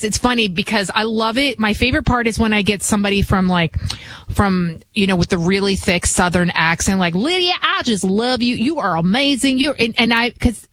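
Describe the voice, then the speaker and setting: A woman's voice: medium pitch, brisk, a bit bright. A woman from the Bronx with a New York accent, hosting a talk radio show in a chatty, rambling, emphatic monologue. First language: not English. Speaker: guest radio host.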